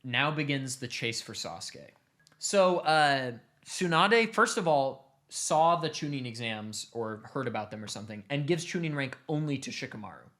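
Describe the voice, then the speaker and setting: A young man casually retelling a long story to his family, animated and cursing offhandedly. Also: medium pitch, normal speed. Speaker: streamer host.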